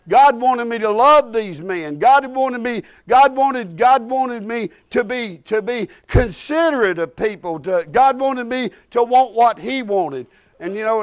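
A man preaching a sermon, telling his own story in a folksy, emphatic way with many restarts. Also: very high-pitched. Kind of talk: sermon with personal testimony.

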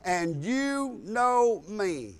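A man voicing a menacing male demon speaking through a prisoner, deep and grumbling. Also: sing-song, clean tone, exaggerated voice. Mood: taunting. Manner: slow taunting, then shouting boasts.

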